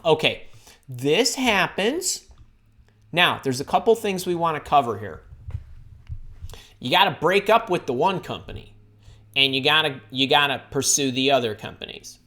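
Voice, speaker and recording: A woman recruiter and career coach hosting a live-stream Q&A, chatty and energetic, greeting viewers by name and telling stories. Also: low-pitched, normal speed.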